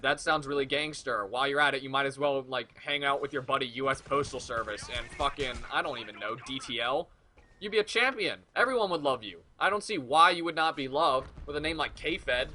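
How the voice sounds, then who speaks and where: A man's voice: on the high side, bright, forceful tone, a little hiss or hum. A young man in his late teens giving a rambling, profane, jokey commentary over gameplay. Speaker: gaming video commentator.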